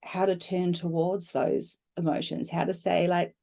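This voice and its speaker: Mellow-voiced woman, animated talker. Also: on the low side, unhurried, vocal fry. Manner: animated, acts out inner voices with laughter. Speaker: guest speaker on emotional healing. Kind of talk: conversational talk.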